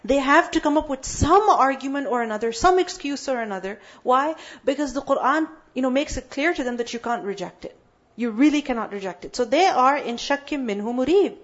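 A woman's voice: high-pitched, animated, a little fast, highs cut off. A woman teaching a Quran lesson. She poses questions and answers them herself, and she builds emphasis through repetition.

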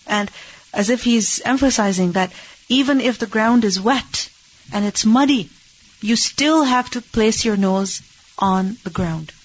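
A woman's voice: medium pitch, husky, dull audio. A woman teaching an Islamic hadith lesson, reading Arabic text and explaining it in English, asking and answering her own questions.

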